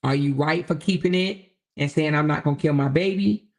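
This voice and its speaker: A woman hosts a solo livestream and chats plainly with her audience, reading their comments aloud. Her voice carries a rough, gravelly creak, and her delivery stays loose, colloquial and frank. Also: low voice, brisk. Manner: chatty, addresses viewers directly, reads comments aloud; blunt and colloquial. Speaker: livestream host.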